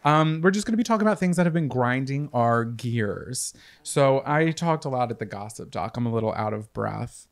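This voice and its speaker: A man co-hosting a casual chat podcast, telling stories and quoting people with lively energy. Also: medium pitch, moderate pace. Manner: chatty storyteller, quoting others animatedly. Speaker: podcast co-host.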